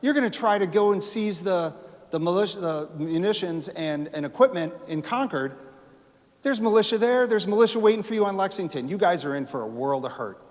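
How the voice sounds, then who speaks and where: A man's voice: a little high, expressive, moderate pace, few pauses, close to an everyday voice. A man acting out a defiant colonial rider. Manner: bold, boastful, raised voice. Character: defiant colonial rider taunting his captors. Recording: reverberant hall.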